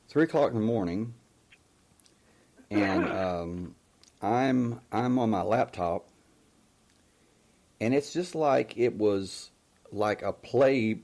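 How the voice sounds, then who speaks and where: A man telling a personal story in a casual, halting way on a live talk show, full of fillers and restarts. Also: on the low side, a little mellow.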